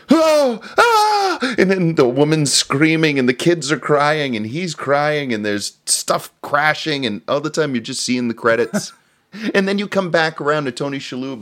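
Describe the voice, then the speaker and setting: A man co-hosting a podcast, chatting casually about a movie, laughing often and acting out scenes. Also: fairly high pitch. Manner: animated, laughs often, acts out quotes from scenes. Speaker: podcast co-host reviewing a film. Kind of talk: casual chat.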